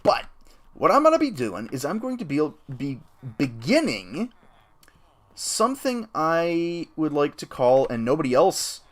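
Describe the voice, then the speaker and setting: Male streamer, casual rambling game commentary, lively up-and-down delivery, keyboard typing behind. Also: unhurried. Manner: rambling and chatty, with excited jumps in pitch.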